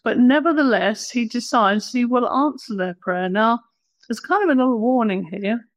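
A woman's voice: fairly high pitch, animated, moderate pace, no room sound. A woman preaching a conversational sermon, plain-spoken and self-deprecating.

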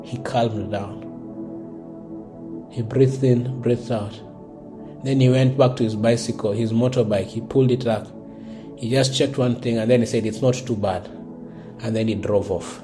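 This pastor from South Sudan has a mid-range voice with a steady tone, speaking at normal speed and pausing often. He preaches earnestly, repeating words as he gropes for phrasing, over faint background music.

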